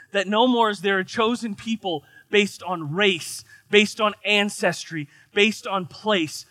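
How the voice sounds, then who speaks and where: A man from the United States preaching a sermon in an animated, joking, conversational way. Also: sits high, no room sound. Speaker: pastor.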